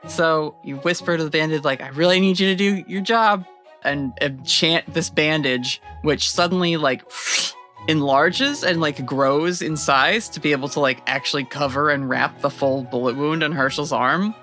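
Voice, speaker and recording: A woman runs a tabletop game with a bright, clear voice, and her narration is loose and full of giggles. A faint music bed plays underneath her. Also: sits low, measured pace. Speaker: game master.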